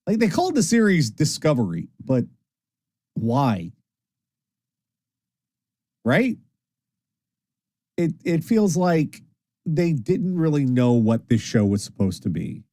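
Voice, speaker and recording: Lively, tired male stream host. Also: on the high side, takes it slowly, long pauses, dry recording, clean studio sound. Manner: lively, rambling, swears casually. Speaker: internet radio host. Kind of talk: casual late-night stream chat.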